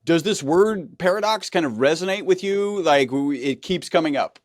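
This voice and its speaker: A male host asking questions in a relaxed, chatty interview. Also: a little high, moderate pace, no echo, clean studio sound. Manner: chatty, casual questioner with fillers. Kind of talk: casual interview.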